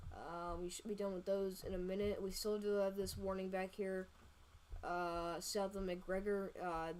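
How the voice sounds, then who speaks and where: A woman hosting a live storm-tracking stream, talking casually over radar with many fillers and quick self-corrections. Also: medium pitch, darkish tone, slight background noise, low-quality recording. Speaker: storm-tracking livestream host. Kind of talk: live weather radar commentary.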